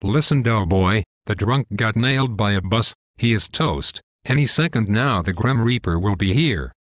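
Man doing a crude demon, low-voiced and sneering, dry sound. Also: lively intonation, no echo, natural voice. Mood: taunting. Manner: taunting, insulting, slow and deliberate. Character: crude gloating male demon claiming a dying man's soul. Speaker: pastor. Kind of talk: one-man dramatized dialogue.

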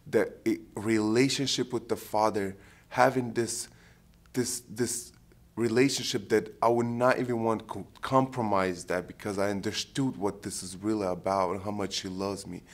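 A man of around thirty from Ukraine, giving an earnest, heartfelt personal faith testimony, often pausing to search for words. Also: on the low side, steady tone. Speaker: program participant giving testimony.

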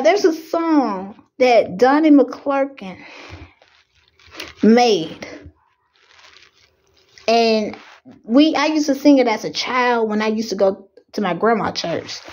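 A young woman preaches a fiery sermon in a bright, high voice. She grows emotional and pleads with herself not to cry, her passion climbing as she goes. The recording is dull and lo-fi, like a home setup. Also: slow pace, long pauses. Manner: emotional, fighting tears, preaching with rising fervor. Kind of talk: impassioned preaching.

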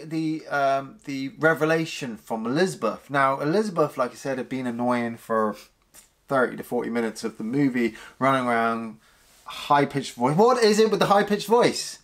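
A man co-hosting a casual film review podcast, animated and swearing freely. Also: moderate pace. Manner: animated, swears casually, mimics lines in a high voice. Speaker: podcast co-host reviewing films.

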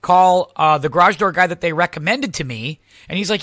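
A man's voice: sits high, moderate pace, no echo. Guy ranting on his podcast, voice jumping all over, dry close sound. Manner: animated ranting storyteller. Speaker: podcast host. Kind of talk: casual podcast chat.

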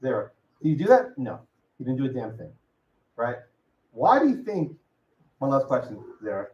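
A man's voice: mid-range voice, wildly swooping pitch, moderate pace, darkish tone. A man teaching a law class, casually calling on students by name and asking them questions. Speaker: law professor. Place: lecture classroom. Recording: distant, echoey, dull classroom recording.

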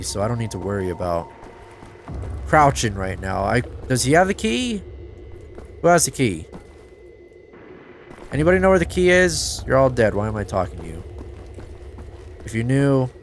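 A man giving casual let's-play commentary, excitable, talking to himself and swearing, with sudden yelps of surprise. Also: mid-range voice. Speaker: gameplay commentator.

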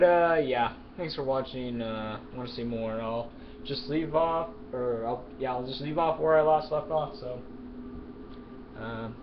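An excitable male gamer talks over his play, yelling and swearing at characters one moment and muttering to himself the next. His voice sits at an ordinary middle pitch. The home mic sounds muffled and lo-fi, with clear noise underneath. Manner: mumbling asides while looting. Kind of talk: let's play commentary.

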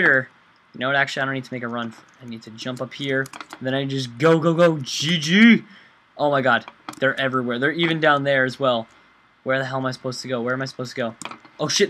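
A man's voice: medium pitch, sharp tone. A young man hosting a let's play, rambling and self-mocking as he plays, and swearing when he panics. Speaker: gaming channel host.

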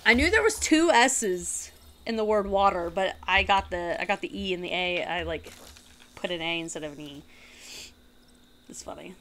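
A woman's voice: fairly low pitch, animated, moderate pace, fairly bright tone, slight background noise. A woman streamer chatting casually while she plays a game, rambling and giggling as she goes. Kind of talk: casual gaming chat.

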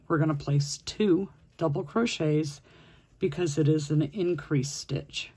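This step-by-step crafting tutorial features a crochet instructor whose mid-range voice is a little mellow and slightly rough, patiently counting stitches out loud while working through the project.

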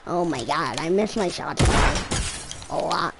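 A woman streaming a game, rambling crudely, swearing and trash-talking other players with sudden excited outbursts. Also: low voice, gravelly, very noisy. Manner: excitable, quick swings between yelling and muttering. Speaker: gaming streamer. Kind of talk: casual gameplay commentary.

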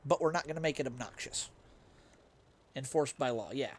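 A man's voice: mid-range voice, moderate pace. A young man streaming a game, chatting casually with his chat in a rambling, self-mocking way and laughing easily. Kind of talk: casual chat while gaming and reading chat.

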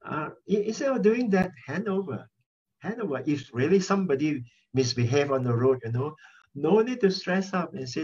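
A middle-aged man, a pastor, giving an animated, conversational sermon over a prayer chatline and repeating key phrases for emphasis. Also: on the high side, normal speed, breathy edge. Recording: dull lo-fi phone-line audio.

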